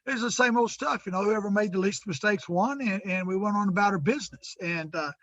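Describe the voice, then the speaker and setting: A middle-aged man from Texas, a high school football coach talking in a rambling, folksy, heartfelt way over a video call. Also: fairly quick, fairly bright tone, dry recording, lo-fi sound. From West Texas. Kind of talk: casual remote interview.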